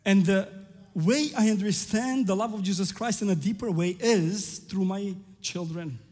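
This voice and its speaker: A man's voice: sits high, normal speed, darkish tone, in a large hall. A man in his thirties preaching a sermon, telling a family story and building to fervent climaxes.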